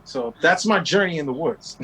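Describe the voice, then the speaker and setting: Brash high-voiced man telling stories. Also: poor audio. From Queens, New York. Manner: brash, profane, animated. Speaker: guest. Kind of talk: casual interview storytelling.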